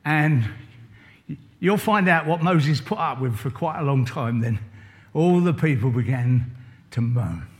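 A man's voice: medium pitch, animated, unhurried. An older man preaching an informal sermon, telling a Bible story in a chatty way and asking the congregation questions. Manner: chatty, asks the congregation questions, varies loudness a lot. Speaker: church leader.

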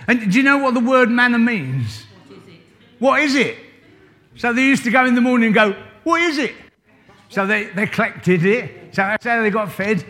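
An older man preaching an informal sermon, telling a Bible story in a chatty way and asking the congregation questions. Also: sits high. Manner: chatty, asks the congregation questions, varies loudness a lot. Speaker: church leader.

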